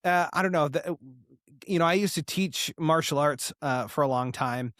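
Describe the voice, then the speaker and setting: A man's voice: a little high, normal speed, fairly bright tone, no echo, clean studio sound. A man hosting a podcast, speaking earnestly and reflectively in casual conversation. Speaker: podcast host.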